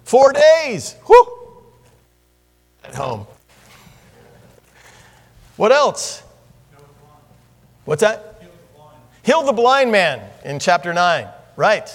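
A man preaching a sermon in a conversational teaching manner, asking the congregation questions and rising in pitch when he gets excited. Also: extremely slow, creaky, pauses often. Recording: long reverb of a large hall.

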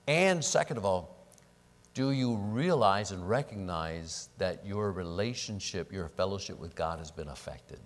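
A man preaching a sermon as pastor, animated and acting out the prayers and apologies he quotes. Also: on the low side, unhurried. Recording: long reverb of a large hall.

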